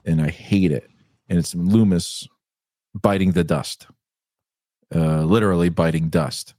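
A man's voice: sits low, fairly even intonation, unhurried, warm tone, no room sound, clean studio sound. A man co-hosting a casual chat show, joking and laughing a lot. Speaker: co-host.

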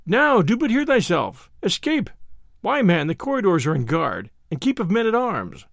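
A man's voice: high voice, wildly swooping pitch, normal speed, vocal fry, dry recording, studio quality, exaggerated voice. A man voicing a fearful young page boy who talks in old-fashioned, pleading speech. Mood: earnest.

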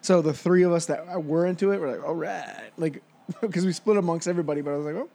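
A man co-hosting a casual beer review chat, opinionated and quick to laugh. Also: on the high side, dark tone. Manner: chatty, opinionated, laughs often.

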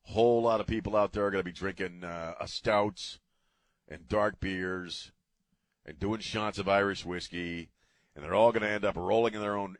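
Low-voiced ranting talk radio man. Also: no room sound. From United States. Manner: sarcastic, ranting, swears casually. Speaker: radio talk show host. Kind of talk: opinionated talk radio monologue. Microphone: studio broadcast mic.

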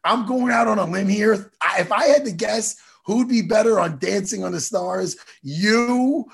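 A man's voice: high voice, unhurried, creaky, husky. An American man hosting a casual interview, rambling and joking with lots of swearing. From United States. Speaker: podcast host.

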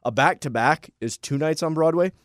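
A man's voice: a little high, normal speed, no echo. A man co-hosting a podcast, telling loose, profane, jokey stories in casual banter at a studio mic. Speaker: podcast co-host. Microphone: studio mic with headphones.

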